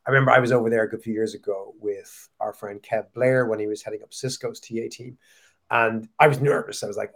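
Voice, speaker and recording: A middle-aged Irish man talking as a podcast guest, chatty and joking with quick asides. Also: medium pitch, fairly even intonation, vocal fry, a bit bright. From Ireland. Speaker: guest, company founder. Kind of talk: casual podcast conversation.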